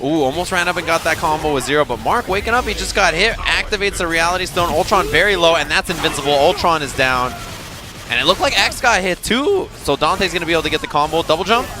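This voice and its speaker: Lively male esports commentator. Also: a little high, quick pace. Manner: joking, excitable banter. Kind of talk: live fighting game commentary.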